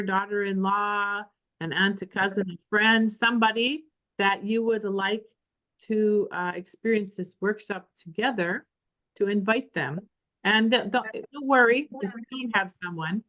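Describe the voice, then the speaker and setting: A woman makes announcements for an upcoming group meeting. She speaks slowly and unhurriedly, stopping often with ums. Her voice sits at a middle pitch. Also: steady tone, fairly bright tone. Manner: halting, many ums. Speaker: group organizer.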